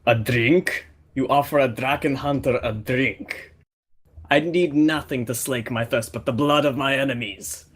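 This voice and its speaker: A man's voice: medium pitch, measured pace, fairly bright tone, slightly rough. A man voicing a savage, proud male Draken hunter warrior with a Russian accent, boastful and menacing, over voice chat. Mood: haughty. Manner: boastful, menacing, growled threats. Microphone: voice chat headset.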